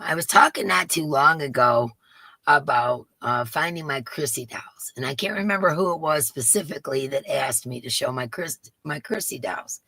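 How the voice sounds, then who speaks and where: Woman chatting on her crochet stream, low gravelly voice, kinda rough today, lots of laughing. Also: bright, forceful tone, no echo. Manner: chatty, greets viewers by name, laughs often. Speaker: livestream host. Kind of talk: casual livestream chat. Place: home craft room.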